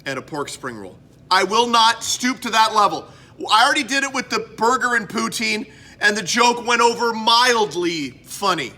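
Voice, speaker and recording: A man's voice: sits high, lively intonation, normal speed, sharp tone. A man from Canada hosting a casual show-and-tell vlog about his collectibles, rambling and interrupting himself as he goes. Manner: rambling, self-interrupting, chatty. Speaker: host.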